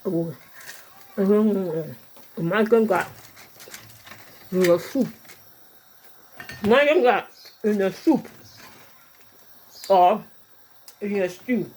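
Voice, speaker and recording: A woman's voice: medium pitch, slow, long pauses, a little mellow, a little hiss or hum. A middle-aged woman from Ghana chatting casually to her viewers as she cooks in her home kitchen, laughing often. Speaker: cooking vlogger. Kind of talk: casual cooking demonstration.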